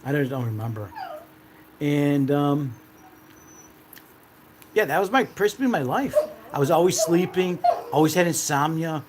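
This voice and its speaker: A man's voice: fairly high pitch, lively intonation, normal speed, long pauses, heavy background noise. A man in his thirties casually telling a rambling, repetitive story from his own life, swearing now and then. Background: dogs.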